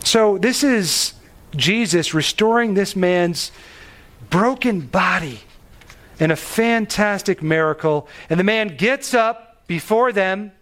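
A man preaching a sermon on a Bible passage, animated and emphatic, pushing his voice up on key phrases. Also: sits high, slow. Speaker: pastor.

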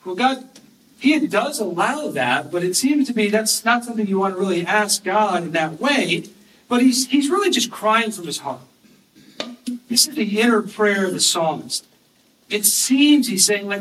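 A man delivers a sermon in a fairly high voice, reading scripture slowly and with earnest emphasis. He sounds set back from the mic, with a faint hiss of noise behind him. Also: animated, fairly bright tone, far from the mic, poor audio. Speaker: preacher.

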